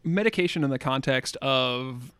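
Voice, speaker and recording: A man's voice: medium pitch, moderate pace, a bit bright, clean tone, dry recording. A tipsy man co-hosting a casual podcast, talking in a dry, wry, thoughtful way. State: tipsy from shots. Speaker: podcast co-host. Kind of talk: casual chat.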